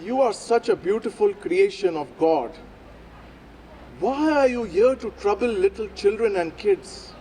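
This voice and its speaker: A man voicing a calm, kindly old saint in a told story, speaking gently and instructively. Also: high voice, measured pace, a little hiss or hum, poor audio.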